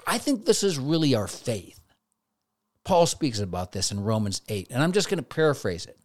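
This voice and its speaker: A man's voice: mid-range voice, big pitch swings, normal speed. A man who works as a therapist, giving a motivational faith talk, full of rhetorical questions and little acted-out inner voices.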